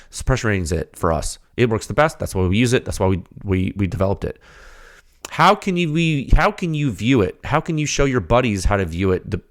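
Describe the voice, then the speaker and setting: A man hosting a technical podcast, talking in an animated, ranting way with rapid rhetorical questions before settling into explaining data. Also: medium pitch. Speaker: podcast host.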